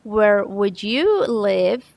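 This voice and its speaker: This patient Saudi woman teacher goes through an English grammar lesson step by step, frequently correcting herself. Her medium-pitched voice swings widely in pitch, draws out words, and sounds creaky and a little mellow; there's no room sound, and the audio is poor.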